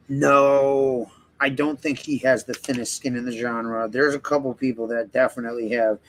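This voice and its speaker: A man's voice: medium pitch, little pitch movement, a little slow, pauses often, poor audio. A man hosting a livestream in casual chat, rambling and swearing heavily as he rants. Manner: rambling and profane, heavy swearing; heated ranting. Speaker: livestream host.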